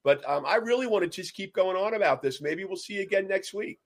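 A man's voice: sits high, animated, fast. A man hosting a casual interview, chatty, jumping in with questions and asides. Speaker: host.

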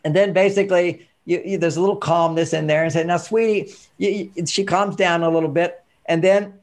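A man coaching parents on emotions, telling stories and acting out the dialogue in an animated way. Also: fairly high pitch, fairly quick. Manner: animated storytelling, acts out dialogue. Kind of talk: instructional talk with anecdotes.

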